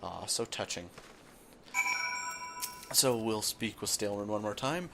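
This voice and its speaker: Man, let's play host, relaxed game commentary, low voice, faint hiss. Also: takes it slowly, creaky, long pauses. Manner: relaxed, thinks aloud with fillers.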